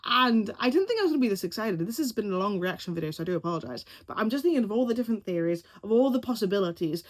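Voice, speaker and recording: A young woman talks straight to her camera at home in a casual reaction vlog. She gets excitable and rambles, tripping over her words and dropping the odd swear word, all in an ordinary middle-pitched voice. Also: rapid-fire, few pauses. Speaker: vlogger reacting to a film trailer.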